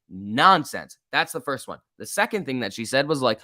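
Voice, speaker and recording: A man at a middle pitch hosts a casual stock-market livestream, reading viewer chat and ranting bluntly with plenty of filler words. His voice sounds dry and close, with no room echo. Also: very animated, normal speed, hardly any pauses, sharp tone.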